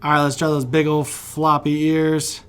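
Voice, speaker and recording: This West Virginian leads a children's drawing class as he sketches, his voice on the high side, smooth, a bit bright, and fairly monotone at a moderate pace. Still, he's chatty and encouraging, laughing often.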